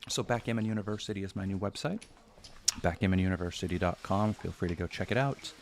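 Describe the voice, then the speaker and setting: Hushed, gravelly man commentating. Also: low-pitched, fast talker, a little hiss or hum. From United States. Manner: hushed, near-whispered, thinking aloud. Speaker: backgammon commentator. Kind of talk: live game commentary.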